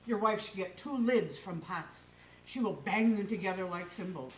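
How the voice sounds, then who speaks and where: A woman voicing an old wise village man who speaks slowly and calmly, in a low, pondering way. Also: slight background noise, natural voice. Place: live stage in a hall. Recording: echoey hall from far off.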